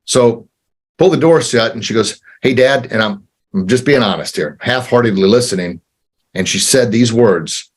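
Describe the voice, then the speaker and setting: A man in his forties, an entrepreneur guest, telling a candid personal story in an earnest, halting way with repeated words, getting choked up. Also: on the low side, slightly rough.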